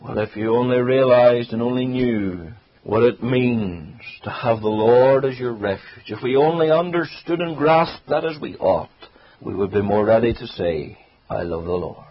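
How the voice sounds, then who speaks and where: Earnest preacher on a dull radio broadcast. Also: male voice, medium pitch, measured pace. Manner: earnest, swells and drops in volume for emphasis. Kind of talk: sermon.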